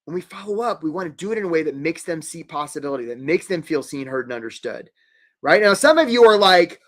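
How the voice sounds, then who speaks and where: A man hosting a live career webinar, energetic and jokey, acting out quick little quoted voices. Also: a little high.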